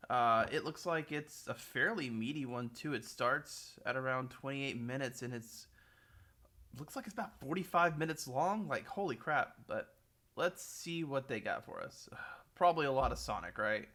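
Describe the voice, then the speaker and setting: A man giving casual, rambling reaction commentary as a streamer, quick to sound baffled. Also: medium pitch, animated, sharp tone. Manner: chatty, rambling, easily baffled. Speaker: streamer reacting to a game broadcast.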